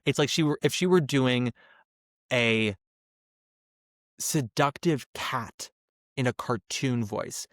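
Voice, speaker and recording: Chatty guy doing a solo review, mid pitch, dead dry close mic. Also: takes it slowly, pauses often, no room sound. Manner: chatty and animated, slips into mocking impressions. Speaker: podcast host, theater reviewer.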